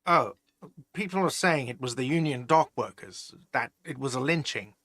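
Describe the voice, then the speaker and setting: A man's voice: medium pitch, expressive, moderate pace, a bit bright, dry recording. An actor playing a put-upon male hostel manager in a video game, dry and scolding. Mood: gossipy.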